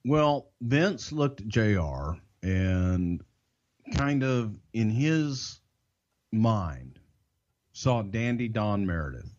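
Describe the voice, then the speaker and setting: An older man with a Southern American accent, co-hosting a podcast and telling behind-the-scenes stories in a folksy, drawn-out way. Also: fairly low pitch, sing-song, a little mellow, dull audio. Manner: folksy, drawn-out, swears casually. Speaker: podcast co-host. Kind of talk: casual storytelling.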